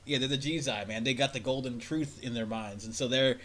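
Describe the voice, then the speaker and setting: A man's voice: mid-range voice, fairly even intonation, a little fast, fairly bright tone. A man co-hosting a casual podcast chat, crude and mocking, swearing freely. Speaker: podcast co-host.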